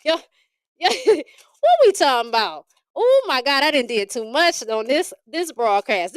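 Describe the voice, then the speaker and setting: High, lively-voiced blunt tarot reader woman. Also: no echo, clean studio sound. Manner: blunt, profane, animated ranting; frequent laughter. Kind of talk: livestream tarot reading.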